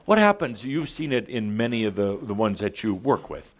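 A man giving a playful, animated channeled talk to a live audience in a hall, often laughing along with them. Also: on the low side, moderate pace. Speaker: spiritual teacher channeling to an audience.

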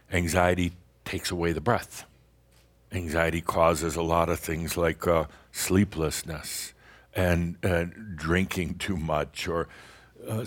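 A man giving a rambling, playful spiritual talk to a live group, often chuckling and restarting his sentences. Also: deep voice. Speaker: spiritual teacher addressing an audience.

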